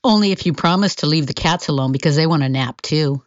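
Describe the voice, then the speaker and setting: A woman's voice: deep voice, quick pace, no room sound, lo-fi sound. A woman dog owner speaking in a teasing, affectionate way to her dog.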